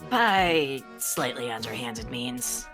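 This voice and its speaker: A performer voicing a timid young male troll in a live fan dub, talking quickly and hesitantly. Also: medium pitch, lively intonation, over music. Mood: nervous.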